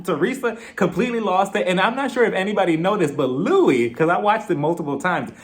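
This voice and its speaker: Man, casual reality TV recap, gossipy, laughs often, fairly high voice, very lively pitch. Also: a little fast. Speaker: TV show reviewer.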